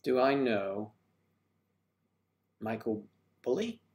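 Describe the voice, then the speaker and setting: An older man hosting a casual livestream, joking and rambling as he reads viewer comments, often clearing his throat. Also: medium pitch, very animated, takes it slowly, a little mellow. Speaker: host of a livestream. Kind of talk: casual live chat reading viewer comments.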